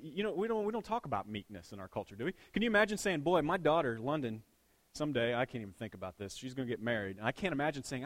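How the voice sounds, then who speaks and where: A middle-aged man preaching a sermon, swinging between loud bursts and hushed asides, with a dad's jokes about his daughter. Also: on the high side. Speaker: pastor.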